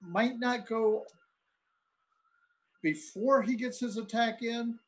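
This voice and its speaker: A man narrating as game master, pausing with fillers as he describes the scene. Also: very high voice.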